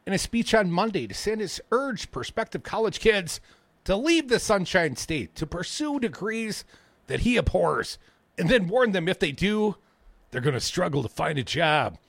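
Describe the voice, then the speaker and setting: Man, talk radio host, sarcastic, lively high voice, dry studio sound. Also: normal speed, gravelly, no room sound. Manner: sarcastic, jokey.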